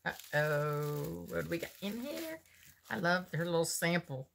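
A woman talks slowly and casually while unboxing soap, musing aloud. Her voice sits a little low and has a gravelly edge. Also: very animated, a bit bright, a little hiss or hum. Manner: slow, chatty, musing aloud.

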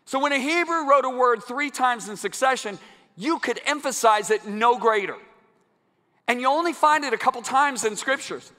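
High-voiced emphatic male preacher in a big hall. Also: lively intonation, moderate pace. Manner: emphatic, builds to loud climaxes, talks to the congregation. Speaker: guest preacher. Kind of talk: sermon. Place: large church sanctuary. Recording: long church hall reverb.

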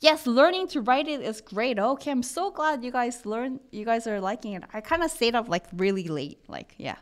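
A young woman leads a live-streamed language lesson, chatty and encouraging as she answers viewers' comments. Her voice sits a little high and sounds smooth and clear. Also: lively intonation, moderate pace. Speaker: Korean language teacher.

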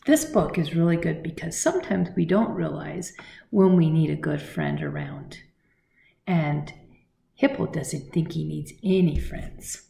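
A woman recommending a picture book to children, talking straight to them in an animated way. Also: sits low, a little slow, vocal fry, roomy sound. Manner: animated, talks straight to kids.

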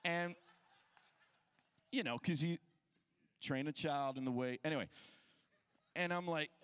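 A man's voice: a little high, measured pace, clean tone. A man in his thirties, a pastor telling a story in a sermon and acting out the voices of the people in it. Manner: animated, acts out quoted voices.

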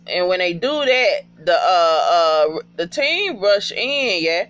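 A man with a high, lively voice gives a casual video recap of a TV episode. His pitch leaps all over as he tells it. He talks in a profane, emotional, animated way. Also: moderate pace, few pauses.

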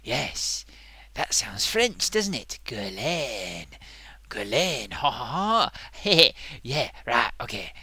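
A man voicing an excitable male sock puppet who hosts a comic makeup review, gushing and bumbling. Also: mid-range voice, slow, breathy edge, dry recording, heavily acted. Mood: excited. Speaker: host.

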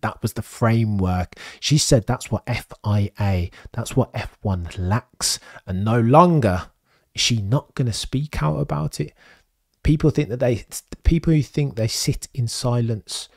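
Excitable man ranting on a livestream. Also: medium pitch, vocal fry, no room sound, studio quality. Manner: animated, exasperated, with frequent stammered restarts. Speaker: livestream host. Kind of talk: live-stream commentary reading chat.

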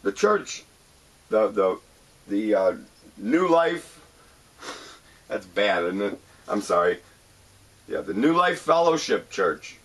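A man hosting his own show, talking about his experience in an earnest, halting monologue, often repeating himself. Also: on the low side, very animated, recorded from a distance. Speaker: show host. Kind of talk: personal monologue to camera.

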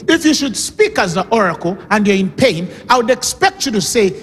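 Emphatic high-voiced male preacher. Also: big pitch swings, moderate pace, fairly bright tone. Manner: emphatic, repeats key phrases, calls for audience response. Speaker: pastor. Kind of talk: sermon. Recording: reverberant hall with music underneath.

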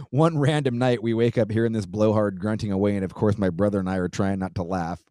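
A man's voice: on the low side, fairly quick, warm tone, no room sound, studio quality. A man hosting his podcast, chatting casually and reading a listener's letter, loose and profane, laughing easily with frequent restarts. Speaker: podcast host.

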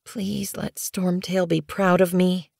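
A woman's voice: on the low side, flat delivery, slow, vocal fry, darkish tone, dry recording, clean studio sound, exaggerated voice. A woman voicing a curious, earnest young she-kitten in an audiobook. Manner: wondering, earnest. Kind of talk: audiobook character voice.

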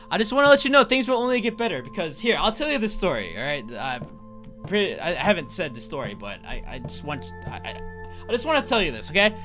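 A young man from North Carolina giving let's-play commentary, earnest and halting, often stammering and restarting his sentences. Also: high-pitched, big pitch swings, bright, forceful tone, faint music behind. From North Carolina, USA. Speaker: gaming YouTuber.

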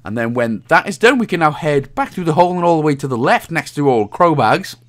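A man's voice: fairly high pitch, animated, brisk, a bit bright, slight background noise. A Welsh man talking casually through a game walkthrough, joking and chuckling at his own asides.

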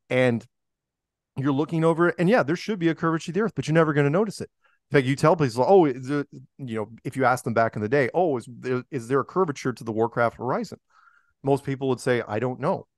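A man's voice: mid-range voice, dry recording, clean studio sound. A man talking as a podcast guest in a rambling way, full of fillers and restarts. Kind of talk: casual interview talk.

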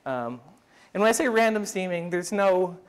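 A man's voice: high-pitched, lively intonation, normal speed, clear, resonant tone. A man giving an academic lecture at a summer school, thinking aloud with frequent restarts and speeding through quoted passages.

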